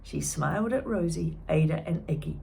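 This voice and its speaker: Woman teacher, storybook read-aloud, gravelly, lively pitch. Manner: expressive, pauses to comment to listeners. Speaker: teacher reading a chapter book aloud.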